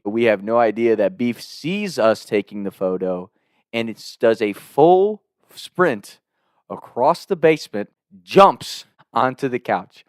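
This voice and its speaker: A man's voice: medium pitch, dry recording, studio quality. Laughing young man telling a party story. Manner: animated, laughing, acts out voices loudly. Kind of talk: casual anecdote.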